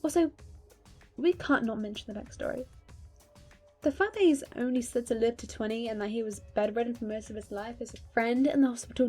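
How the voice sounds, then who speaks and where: A woman's voice: fairly high pitch, warm tone. A young woman giving casual fan commentary, gushing and emphatic, swearing freely. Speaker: video creator.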